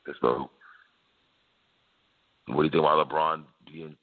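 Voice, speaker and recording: A man's voice: very deep voice, fairly even intonation, a little slow. A man in casual hip-hop debate chat, laid-back and slangy, who laughs often and repeats his phrases. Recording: tinny phone-like sound.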